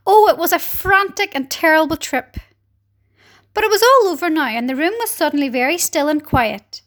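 A woman narrating a children's storybook aloud in an animated, dramatic way. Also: sits high, moderate pace. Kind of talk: expressive storybook reading.

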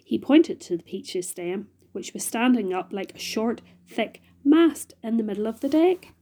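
Slow, mellow woman reading a storybook. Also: fairly high pitch, expressive. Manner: gentle, measured reading.

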